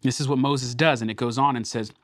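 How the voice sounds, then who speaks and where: Man, pastor, sermon, earnest, emphatic, mid pitch, dry close sound. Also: steady tone, dry recording. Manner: earnest, emphatic, slows to stress key words. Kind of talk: sermon teaching through scripture.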